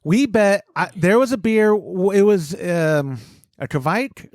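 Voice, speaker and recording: A man hosting a casual podcast, telling stories in an animated, self-mocking way. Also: high-pitched, takes it slowly, no echo, studio quality. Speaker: podcast host.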